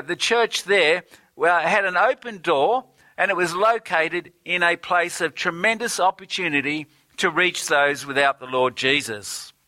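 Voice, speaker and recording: A man's voice: a little high, sharp tone, no room sound. A man preaching a sermon in an earnest way, reading scripture aloud and asking the congregation rhetorical questions.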